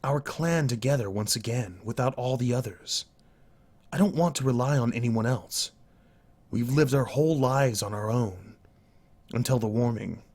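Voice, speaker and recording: A man's voice: medium pitch, normal speed, a little mellow, close to an everyday voice. A man voicing an earnest young male hunter in a storybook reading, in a plain, earnest way.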